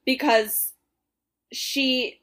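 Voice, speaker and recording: Chatty young woman, slightly high voice. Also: fairly even intonation, extremely slow, fairly bright tone. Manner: chatty, laughs often, swears, retells scenes. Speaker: podcast co-host. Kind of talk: casual chat recapping a reality show.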